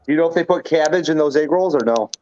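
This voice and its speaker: A man's voice: a little high, fast talker, darkish tone, dry recording. A man joining a casual car live stream as a guest, teasing and emphatic. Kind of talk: casual chat. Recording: dull dry call audio.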